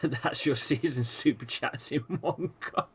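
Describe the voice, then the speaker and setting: Speaking slowly in a medium-pitched voice with a breathy edge, a man hosts a live football watchalong stream. He's excitable and profane, ranting at the game and reading viewers' chat messages aloud.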